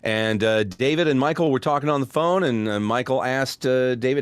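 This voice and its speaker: A middle-aged male voice actor telling stories in a casual interview, snarky and animated. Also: medium pitch, normal speed, hardly any pauses, clear, resonant tone, no echo. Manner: storytelling, animated. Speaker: voice actor guest.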